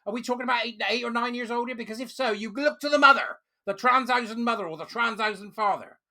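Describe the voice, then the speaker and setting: Commentator, angry rant to camera, bright forceful tone with a gravelly rasp. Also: medium pitch, fast talker. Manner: furious, ranting, emphatic. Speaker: online commentator.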